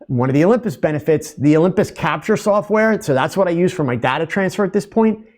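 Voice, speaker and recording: Energetic, animated middle-aged man host. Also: a little high, fast talker. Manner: energetic, animated storyteller, loud. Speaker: podcast host. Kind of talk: live podcast Q&A.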